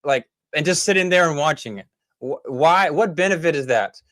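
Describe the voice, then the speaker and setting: A man's voice: on the high side, animated, moderate pace, fairly bright tone, no room sound, clean studio sound. A man giving casual commentary over clips, rambling with many fillers and restarts, critical and exasperated. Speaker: commentary host.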